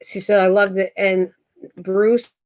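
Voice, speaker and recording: An older woman hosts a craft live stream from home, talking in a loose, rambling way. She mocks herself often and laughs easily, with a voice of ordinary middle pitch. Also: flat delivery, darkish tone. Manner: chatty, self-mocking, quick to laugh. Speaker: craft channel host.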